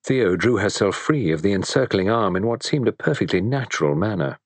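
A man narrating an audiobook in a measured, even storytelling manner. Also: on the low side, no echo.

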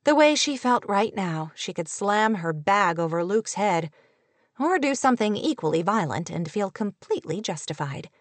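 A woman's voice: mid-range voice, very animated, moderate pace, no room sound. Woman narrating in a dry close voice. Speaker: audiobook narrator. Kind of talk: scripted narration.

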